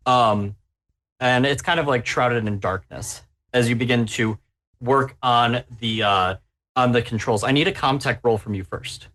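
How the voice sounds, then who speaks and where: A man acting as game master for a tabletop horror game narrates with obvious glee, relishing the danger his players face. His voice is medium in pitch, unhurried, and a bit bright.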